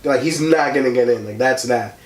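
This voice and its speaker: A man's voice: mid-range voice, a little fast, recorded from a distance. A young man hosting a casual podcast, telling a story with lots of likes and ums and acting out the people in it. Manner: animated, acts out voices in his story, many likes and ums. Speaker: podcast host. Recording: echoey room.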